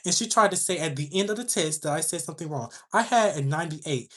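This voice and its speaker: A young woman hosting a livestream, telling a story to her chat in a sassy, animated way. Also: low voice, quick pace. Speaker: livestream host.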